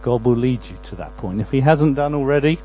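A man preaching a sermon, moving between quiet prayerful lines and loud, pleading passages. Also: medium pitch, animated, a little fast, lo-fi sound, faint music behind.

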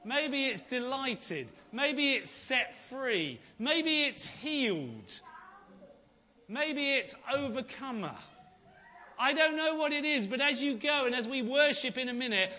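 A man preaching a sermon as pastor, swinging between hushed, slow emphasis and shouted declarations. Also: extremely high pitch, big pitch swings.

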